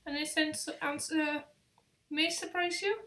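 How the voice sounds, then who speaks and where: A woman's voice: high-pitched, steady tone, a little slow, pushed and bright. A young woman hosting a casual live travel quiz, chatty and rambling, with self-deprecating asides. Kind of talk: casual live-stream chat.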